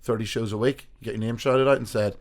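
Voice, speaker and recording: Male podcast host, mid pitch, casual chatty banter with a teasing edge. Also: fairly even intonation, quick pace.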